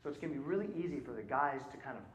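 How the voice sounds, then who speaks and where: A man's voice: mid-range voice, expressive, rapid-fire, slight background noise. A man working as a choir clinician, coaching singers through a rehearsal and often asking questions and checking in with "right?". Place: concert hall. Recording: roomy hall sound.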